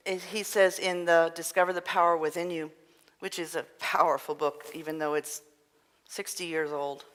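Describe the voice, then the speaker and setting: A woman minister giving an earnest, gentle sermon, sometimes dropping to a soft, breathy near-whisper. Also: lowish voice. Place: church sanctuary. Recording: long reverb of a hall.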